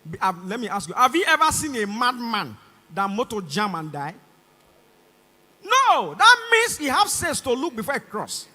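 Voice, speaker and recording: A young man with a Nigerian English accent performing a stand-up comedy routine on a concert stage, animated and acting out voices. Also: very high-pitched, moderate pace. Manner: animated, acts out voices and shouts. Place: large concert hall stage. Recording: live concert hall reverb.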